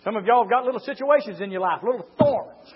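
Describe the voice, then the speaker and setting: A pastor with a drawl delivers a fiery sermon in a husky, raised voice. He drops low, then stretches his words into long shouts. The recording sounds dull and lo-fi. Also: expressive. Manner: swings from low talk to drawn-out shouting.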